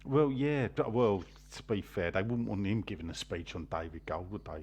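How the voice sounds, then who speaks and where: A man's voice: lowish voice, normal speed, hardly any pauses, a little mellow, slightly rough. A man hosting a casual football podcast, reading listener messages with dry banter.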